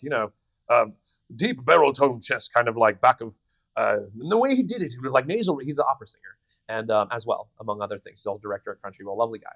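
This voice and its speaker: A man in his thirties, a voice actor giving a convention interview, telling stories in an animated way with many restarts. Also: lowish voice, dry recording. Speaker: voice actor guest. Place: convention venue.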